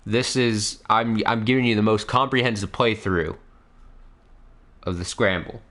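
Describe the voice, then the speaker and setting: A man's voice: on the low side, moderate pace, sharp tone. A man hosting a let's play, rambling casually and reading the game's story text aloud. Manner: rambling, self-deprecating, swears casually.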